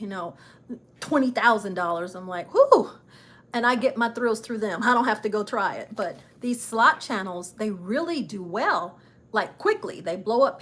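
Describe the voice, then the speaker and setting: A woman's voice: on the high side, fairly bright tone. A woman hosting her own travel channel livestream, chatting and encouraging viewers in a casual, upbeat way with frequent laughs. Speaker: travel channel host and travel agent.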